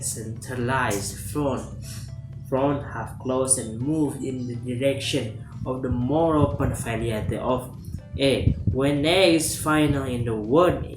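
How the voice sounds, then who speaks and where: A student works slowly through prepared notes, stopping often with fillers and corrections along the way. The voice sits in a roomy, echoing space, and clear music plays underneath. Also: mid-range voice. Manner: halting, hesitant reading with fillers and self-corrections. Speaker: student presenting an assignment. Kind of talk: reading lecture notes aloud.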